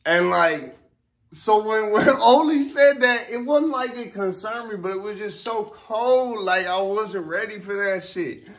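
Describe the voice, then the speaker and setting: Speaking unhurriedly in a high voice, a young man vlogs casual, ranting commentary to camera. His rambling is packed with profane street slang, fillers and restarts, and he gets heated and emphatic once he's riled up.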